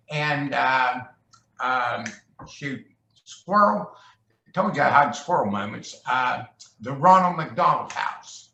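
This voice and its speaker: A man's voice: mid-range voice, animated, slow, vocal fry, bright, forceful tone. A man telling rambling, jokey stories as a guest, slipping into voices when he quotes people. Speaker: guest, charity ride founder. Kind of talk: casual storytelling chat. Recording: echoey room.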